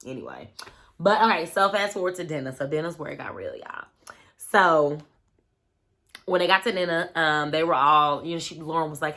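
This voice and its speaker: A woman's voice: deep voice, animated, normal speed, sharp tone. A woman vlogger recapping a reality show in a loose, chatty way, full of "like" and "you know what I'm saying". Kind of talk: casual storytelling recap.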